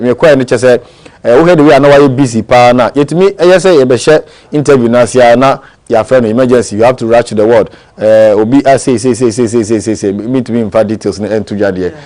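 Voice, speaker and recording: A man's voice: mid-range voice, quick pace, darkish tone. A man hosting a TV morning show, talking conversationally.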